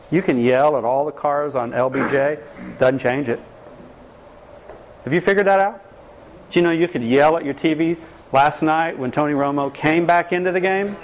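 A man lectures a live class. He speaks with animated emphasis and rhetorical questions, in a fairly high voice. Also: slight background noise, poor audio. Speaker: relationship class teacher.

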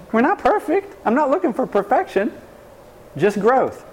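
A man's voice: extremely high pitch, sing-song, normal speed, poor audio. A man teaching a class, talking emphatically and asking the room questions. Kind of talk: lecture to a live class.

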